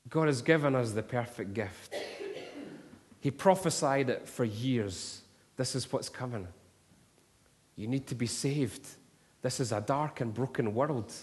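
A man's voice: mid-range voice, darkish tone. A man preaching a sermon, telling stories and rising to impassioned appeals. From Scotland. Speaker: pastor. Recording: long hall reverb.

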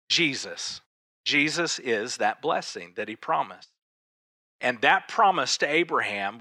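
A man preaching a conversational sermon, asking rhetorical questions and pausing for emphasis. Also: medium pitch, sharp tone, no echo. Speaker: pastor.

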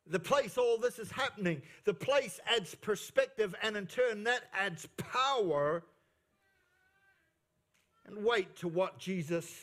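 A man's voice: sits high, fairly bright tone. A male pastor preaching a sermon at a church service into a stage microphone, emphatic, repeating key phrases, with playful asides. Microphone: fixed microphone on stage.

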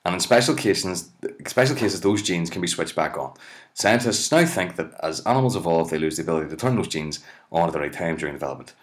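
A comedian reading web articles aloud with exasperated, sweary, mocking asides. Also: male voice, sits low, lively intonation, fast talker.

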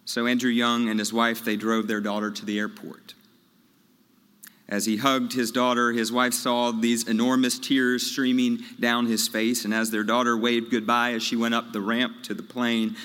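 A man preaching a sermon as pastor, telling a story in a measured way before leading his congregation in prayer. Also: mid-range voice, level tone, a bit bright. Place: large church sanctuary. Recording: long church reverb.

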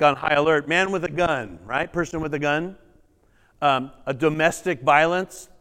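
A male pastor preaching a sermon, reading scripture dramatically and breaking into animated asides to the congregation. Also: high voice, smooth. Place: church sanctuary. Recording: reverberant church hall.

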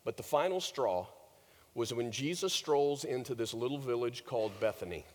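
A man preaching a sermon, telling the story with big swings from loud, lifted lines to hushed, low ones. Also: expressive, normal speed, long reverb tail. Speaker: pastor.

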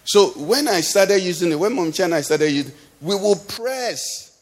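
A middle-aged pastor preaches in a church hall, drawing call-and-response from the congregation and using everyday stories to drive his point home. His voice sits high and is expressive, at a moderate pace. Long hall reverb colors the recording.

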